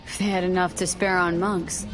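A woman's voice: on the low side, flat delivery, moderate pace, fairly bright tone, faint music behind, natural voice. A woman playing a blunt mercenary. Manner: blunt and dry. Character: dry, blunt young female mercenary.

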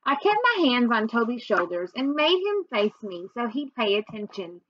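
A woman teacher reading a children's novel aloud, pausing on fillers as she recaps and then reading on evenly. Her voice is fairly high. The recording is dry and a little dull. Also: very animated, no room sound. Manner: recaps with many fillers, then reads steadily.

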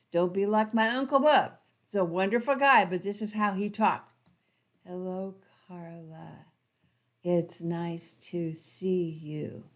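A woman coaching presenters with lively, emphatic inflections that lean hard on key words. Her voice sits at an ordinary middle pitch. The recording is a touch dull and lo-fi. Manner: expressive, emphatic, varied inflection. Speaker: online presentation trainer. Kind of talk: instructional talk to camera. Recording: slightly dull lo-fi sound.

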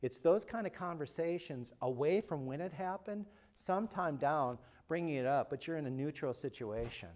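A man's voice: fairly high pitch, moderate pace, few pauses. A man giving a talk at a parent workshop, asking the audience questions and joking with them. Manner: animated, asks the audience questions, jokes. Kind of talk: lively talk to a live audience. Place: room with a live audience.

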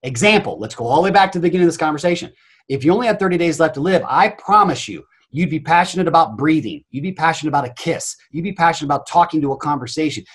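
A man with a slightly high, somewhat rough voice appears as a coaching guest on a podcast. His energetic interview talk is blunt and emphatic, and he swears freely.

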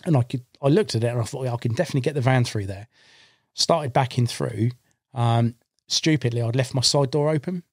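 Man, casual storyteller, mid-pitched voice, dry close studio sound. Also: fairly quick, no echo. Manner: animated anecdote-telling, acts out his own past lines. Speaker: podcast guest, carp angler. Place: podcast studio. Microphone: studio microphone.

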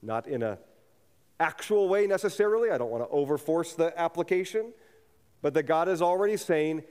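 A man preaching in a church sanctuary with a fairly high voice. He speaks earnestly and builds to fervent emphasis. A long reverb from the church hall trails his words. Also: animated, fairly quick, a little mellow. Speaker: pastor. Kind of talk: sermon.

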